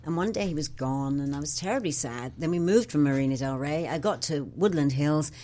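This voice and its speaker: A woman's voice: low voice, a little fast, dark tone. A woman guest on a casual podcast, telling a personal story in an earnest, self-mocking way. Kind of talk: casual chat. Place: around a table with others.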